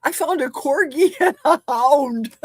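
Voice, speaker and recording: A woman hosting a casual livestream, gasping and squealing with excitement as she reads gifts. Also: high-pitched, unhurried, no echo, clean studio sound. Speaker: livestream host.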